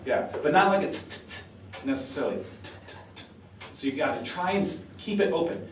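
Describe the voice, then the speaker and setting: A man's voice: mid-range voice, moderate pace, a little hiss or hum. Man coaching a sax quartet from afar. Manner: talkative, encouraging, demonstrates syllables aloud. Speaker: saxophone coach. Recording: roomy sound from a distance with faint ambience.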